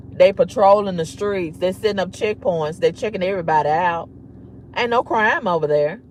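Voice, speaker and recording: A woman with a husky voice, telling a story to camera in a blunt, emphatic, often repetitive way. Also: medium pitch. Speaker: vlogger. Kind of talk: candid storytelling rant.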